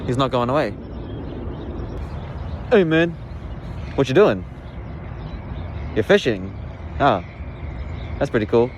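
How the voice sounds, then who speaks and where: Man doing a squeaky, pushy goofball voice. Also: big pitch swings, takes it slowly, long pauses, a little hiss or hum. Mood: goofy. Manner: loud, squeaky and exaggerated.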